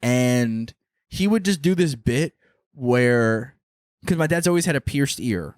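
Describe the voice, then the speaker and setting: A podcast co-host tells stories in casual conversation, swearing freely and laughing as he goes. His medium-pitched voice has a darkish tone and lively intonation, and he speaks slowly, recorded dry with clean studio sound.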